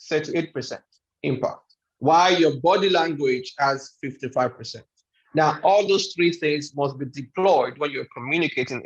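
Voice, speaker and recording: A man delivers a motivational lecture in a fairly high voice, hammering home his points by repeating them. The sound is dull and lo-fi, with a noticeable echo from the room around him. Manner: emphatic, repeats key phrases for effect. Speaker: webinar speaker on life skills.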